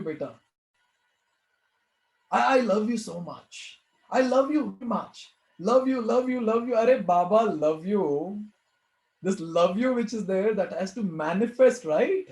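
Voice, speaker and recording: A man's voice: fairly high pitch, mellow, roomy sound, low-quality recording. A man with an Indian accent answering questions in a devotional Q&A talk, earnestly repeating key phrases and posing rhetorical questions. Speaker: spiritual teacher answering questions.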